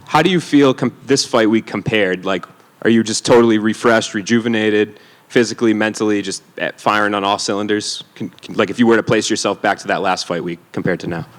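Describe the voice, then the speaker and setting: A man, a reporter, asking a fighter a question in a halting way, searching for words. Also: on the low side.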